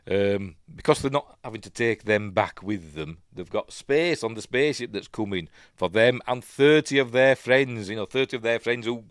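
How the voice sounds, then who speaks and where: A man's voice: on the low side, animated, moderate pace, hardly any pauses, dry recording, clean studio sound. A man with a Yorkshire accent hosts a podcast and recaps a film in a loose, chatty way. He fills his talk with ums, corrects himself often and adds wry asides. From Yorkshire, England. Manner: rambling and chatty, with many ums and self-corrections; wry asides and soft chuckles. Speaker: podcast host reviewing a film. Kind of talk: casual film recap commentary.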